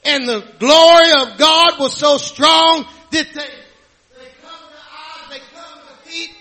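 A man preaching a fervent sermon, often shouting, with frequent amens and hallelujahs. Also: very high-pitched, a little slow.

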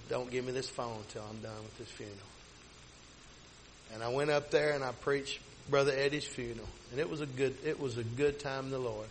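A man's voice: medium pitch, a little hiss or hum, poor audio. A middle-aged man, a pastor telling a personal story in a rambling, folksy sermon style. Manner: folksy, rambling with many restarts.

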